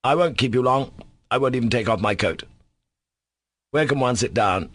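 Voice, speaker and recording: A man's voice: medium pitch, normal speed, fairly bright tone, no room sound, natural voice. A man reading an audiobook, voicing an irritated young nobleman who speaks coarsely and demands answers.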